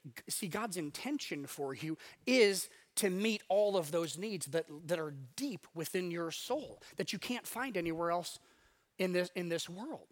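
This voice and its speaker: Man, pastor, sermon, high voice, conversational, emphatic, restarts phrases. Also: a bit bright.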